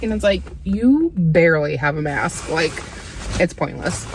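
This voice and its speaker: A young woman vlogging from a parked car into a phone, ranting in an exasperated, animated way. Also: lowish voice, moderate pace, slight background noise. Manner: animated, exasperated ranting, mocking quoted voices. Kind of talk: casual ranting vlog.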